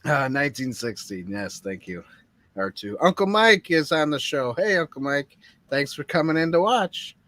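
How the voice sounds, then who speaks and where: A man's voice: fairly high pitch, expressive, normal speed, fairly bright tone, dry recording. A man co-hosting a casual movie review chat, who laughs often and acts out lines from the film. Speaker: co-host of a movie review show.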